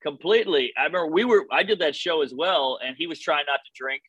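An American man in his thirties tells laid-back stories in a bright, slightly raised voice. The sound is close and dry. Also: on the high side, fast talker, breathy edge, no room sound, poor audio. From United States. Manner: laid-back anecdotal storytelling. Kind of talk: casual chat.

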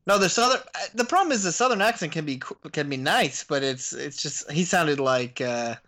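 A man's voice: fairly high pitch, animated, a little fast, fairly bright tone. A man co-hosting a podcast in casual chat, joking and often restarting his sentences. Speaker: podcast co-host.

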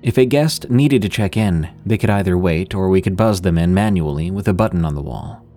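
A man narrating a first-person work story in a steady, scripted storytelling delivery. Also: low-pitched, fairly quick, faint music behind. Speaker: podcast narrator.

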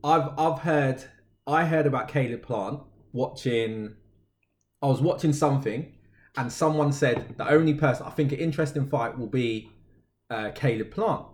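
A man's voice: mid-range voice, normal speed, a little mellow. Easygoing male podcast co-host. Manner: easygoing, full of agreeing fillers. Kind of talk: casual chat.

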